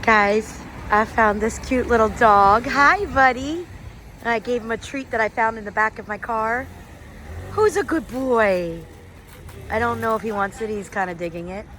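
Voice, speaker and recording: A woman's voice: a little high, fairly even intonation, a little fast, hardly any pauses, fairly bright tone. A woman vlogging casually to camera, chatting with enthusiasm about food and places while out and about. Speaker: travel vlogger. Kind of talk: casual vlog narration to camera. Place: outdoors and in cafes, on the move. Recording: background noise from street and traffic.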